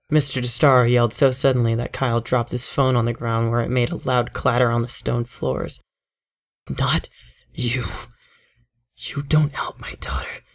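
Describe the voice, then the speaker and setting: A middle-aged grieving father, raw with rage, spitting out bitter questions and erupting into sudden shouts, as a narrator puts him on. Harsh and loud in a horror storytelling reading. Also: medium pitch, close to an everyday voice.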